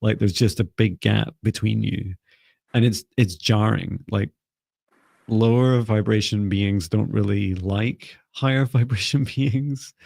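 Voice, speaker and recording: Gravelly, low-voiced man guiding calmly. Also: no room sound. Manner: calm, slow guiding voice with frequent fillers and restarts. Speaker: psychic reader and live-stream host. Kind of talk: guided meditation and live reading.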